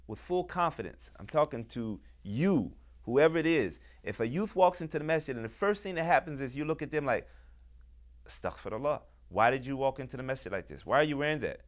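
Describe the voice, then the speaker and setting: A man hosting a show, talking with deep emotion and passion, acting out quoted voices as he makes his points. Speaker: host. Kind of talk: impassioned talk to camera.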